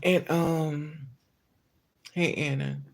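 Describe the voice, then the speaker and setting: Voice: medium pitch, fairly even intonation, very slow, gravelly. An upset vlogger talks straight to the camera in an angry, profane monologue. The speech is full of ums and restarts, and the speaker has been crying all day. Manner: angry, profane venting with frequent fillers.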